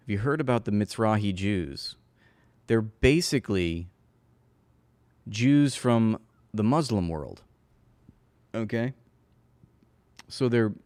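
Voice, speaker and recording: A man hosting his own commentary show, speaking in a sarcastic, mocking tone. His voice sits on the low side and sounds dry and close, with no room around it. He laughs now and then at his own jokes. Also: darkish tone, no echo. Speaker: political commentary host. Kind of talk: casual commentary.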